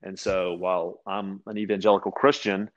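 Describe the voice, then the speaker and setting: Low-voiced Louisiana man telling stories. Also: moderate pace, highs cut off. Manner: animated storyteller, many restarts, acts out quoted voices. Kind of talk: casual storytelling chat.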